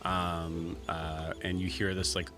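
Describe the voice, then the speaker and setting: A man running a tabletop game as game master, narrating slowly with many fillers and restarts. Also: deep voice, little pitch movement, over music.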